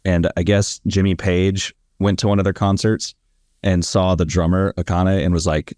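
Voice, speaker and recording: A man hosting a podcast interview, mostly giving short replies and now and then telling a quick aside. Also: sits low, little pitch movement, a little mellow, no echo, clean studio sound. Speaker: podcast host. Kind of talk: casual interview.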